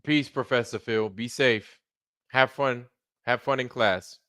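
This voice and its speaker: A man's voice: medium pitch, a little slow, sharp tone, no echo, studio quality. A man with an American accent hosting a casual livestream, rambling loosely, repeating himself and swearing freely. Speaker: livestream host.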